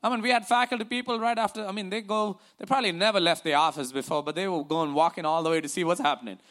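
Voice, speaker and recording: A male preacher with a notably high voice delivers a sermon. He reads scripture in a measured way, then shifts into a casual, storytelling style full of "you know" and restarts. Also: fairly even intonation, fairly bright tone. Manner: conversational, with fillers and restarts while preaching.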